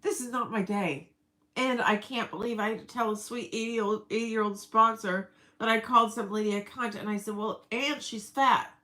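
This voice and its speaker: A woman's voice: a little high, fairly even intonation, fairly quick, sharp tone, rough recording. A middle-aged woman rambling through a casual personal vlog, emotional and breaking into laughs. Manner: rambling, emotional, laughs often mid-sentence. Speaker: vlogger.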